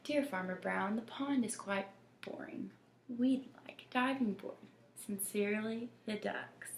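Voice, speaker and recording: A woman voicing a group of bored, scheming ducks in a children's storybook, in a sing-song voice pitched above her reading voice. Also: a little slow, vocal fry, roomy sound, slight background noise.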